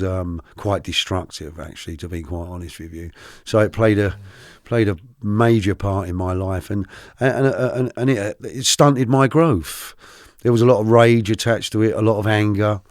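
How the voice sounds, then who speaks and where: A middle-aged man, a podcast guest telling his life story candidly, animated and often restarting his sentences. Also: lowish voice, dry recording, studio quality. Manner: animated, halting with many restarts.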